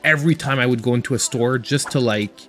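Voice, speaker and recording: A man with a Canadian accent hosts a casual let's-play, rambling through his commentary with lots of fillers. His voice sits at an ordinary middle pitch, and faint music plays underneath. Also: fast talker, fairly bright tone. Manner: rambling, filler-heavy chatter. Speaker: gaming channel host.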